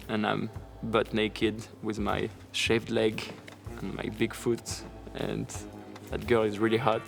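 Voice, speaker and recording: A man in his thirties with a French accent, telling a personal story in a lively way, laughing often and acting out what others said. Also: medium pitch, creaky. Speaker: BMX rider telling a story.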